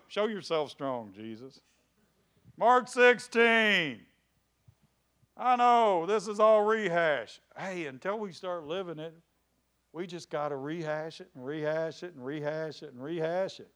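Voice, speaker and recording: A man pastor preaching a lively sermon in church, calling out to people in the congregation by name and rising to loud shouts. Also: fairly high pitch.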